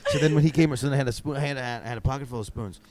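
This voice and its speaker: A man's voice: mid-range voice, racing, very noisy. A man hosting a podcast at a convention, rambling through stories in a self-mocking, casual way. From upstate New York. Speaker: podcast host. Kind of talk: casual chat. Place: convention floor.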